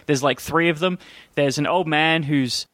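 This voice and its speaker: Animated man recapping a film. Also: a little high, measured pace, no room sound, clean studio sound. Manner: animated, swearing, acts out quoted lines. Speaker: podcast co-host. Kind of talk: casual movie recap chat.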